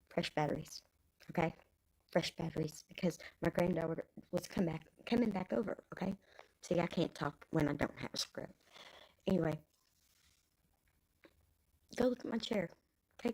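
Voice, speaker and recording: A woman's voice: on the low side, gravelly, a little mellow, rough recording. A Texan woman in her fifties with grandkids, rambling casually in folksy talk as a live stream host. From Texas.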